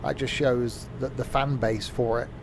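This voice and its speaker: A man with a gravelly, creaky voice at an ordinary pitch, talking loosely over his gameplay as a streamer. He rambles from thought to thought and slips in dry, dark jokes, with a faint hiss of noise underneath. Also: fairly even intonation, measured pace. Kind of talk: casual gameplay commentary.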